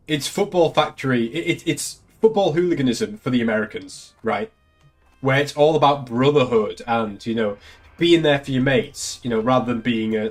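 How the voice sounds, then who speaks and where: An English man, a young adult, chatting casually on a live stream, laughing often and swearing freely. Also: mid-range voice. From England. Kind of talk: casual chat.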